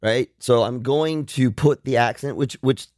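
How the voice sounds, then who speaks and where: A man's voice: medium pitch, unhurried, a little mellow, no room sound, studio quality. A man appearing as a guest on a radio talk show, thinking aloud playfully with frequent restarts. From not from the South. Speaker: guest psychologist.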